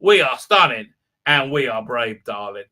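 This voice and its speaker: A man's voice: medium pitch, expressive, normal speed, sharp tone, pitched below the performer's own voice. A man mocking a preachy, sassy young woman companion in a condescending drawl.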